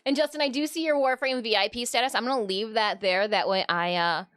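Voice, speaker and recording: A woman's voice: fairly high pitch, fairly quick, fairly bright tone, clean tone. A woman from Michigan chatting casually on a live stream, easily distracted and full of "like.". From Michigan, USA. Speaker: streamer and cosplayer.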